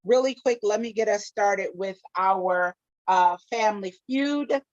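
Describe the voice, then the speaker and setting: A woman's voice: medium pitch, a little slow, no echo, dull audio. A woman co-hosting a live talk show, chatty and laughing often as she runs a quiz game. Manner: chatty, laughs often, drops into playful foreign phrases. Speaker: co-host running a game segment. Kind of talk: casual live podcast chat.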